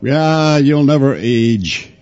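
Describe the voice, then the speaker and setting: A man's voice: mid-range voice, expressive, slow, darkish tone, no echo. A man hosting a radio interview by phone, folksy and joking with his guest. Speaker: radio host. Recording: dull archived phone interview.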